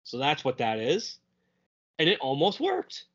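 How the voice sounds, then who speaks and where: Animated man chatting on a podcast. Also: a little high, a little slow, breathy edge. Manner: animated, laughs often, quotes characters in funny voices. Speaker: podcast co-host. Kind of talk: casual chat. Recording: dull lo-fi audio.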